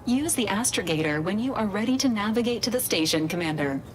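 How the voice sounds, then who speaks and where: A woman voicing a calm, formal female ship computer in a video game, giving crisp military briefings. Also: medium pitch, fast, background noise, lightly acted.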